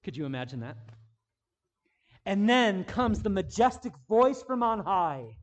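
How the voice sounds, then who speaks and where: A male pastor preaching a sermon, moving between hushed, intimate passages and loud, emphatic declarations, repeating phrases for emphasis. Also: high voice, big pitch swings, a little slow.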